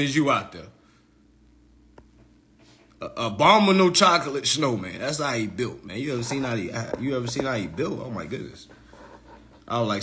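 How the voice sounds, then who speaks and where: A man in his thirties delivering a mocking, profane roast monologue to camera, swinging between loud jeers and low mutters. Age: 30s.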